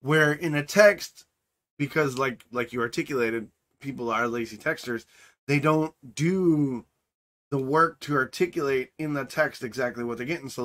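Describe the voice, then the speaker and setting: A middle-aged man co-hosting a podcast in casual chat, rambling and animated, acting out voices as he tells stories. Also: mid-range voice. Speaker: podcast co-host and streamer.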